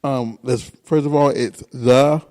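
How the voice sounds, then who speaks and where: A man's voice: mid-range voice, fairly even intonation, takes it slowly, warm tone. A man co-hosting a casual podcast chat, rambling with fillers and restarts. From Fort Wayne, Indiana. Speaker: podcast co-host.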